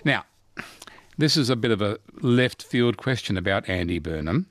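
A man's voice: lowish voice, animated, normal speed, no echo. A man in his sixties with an Australian accent, hosting a casual talkback radio quiz and chat, laughing often and restarting his sentences. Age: 60s.

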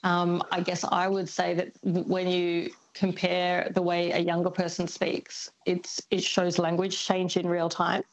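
A woman speaking as an expert guest on a talk radio program. Her voice sits a little low with a creaky edge, and she explains things carefully and warmly, pausing on ums. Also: monotone, dull audio. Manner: thoughtful, explanatory, many ums. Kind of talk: radio interview.

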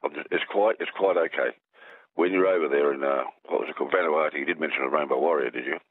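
Deep-voiced Australian man on a phone line. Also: quick pace, husky, dry recording. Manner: rambling, joking. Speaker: caller.

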